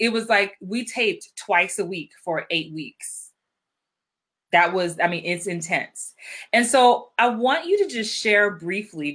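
A woman's voice: mid-range voice, pushed and bright. A woman hosting a live-streamed interview as an acting coach, upbeat and chatty, greeting viewers by name.

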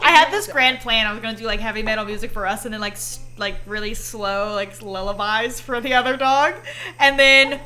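A woman's voice: fairly high pitch, brisk, pushed and bright. A young woman streamer giving casual, jokey gameplay commentary with dramatic reactions. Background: game music.

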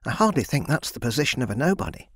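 A man's voice: mid-range voice, very animated, quick pace, a bit bright, no room sound, studio quality, pitched above the performer's own voice. A male audiobook narrator voicing a brash, proud young warrior woman who speaks bluntly and directly.

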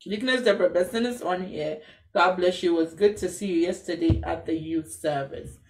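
A woman's voice: on the low side, a little fast. A woman hosting a live church radio talk show, affirming her guests and reading listener comments aloud. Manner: affirming, warm backchannels and reads comments aloud. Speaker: host.

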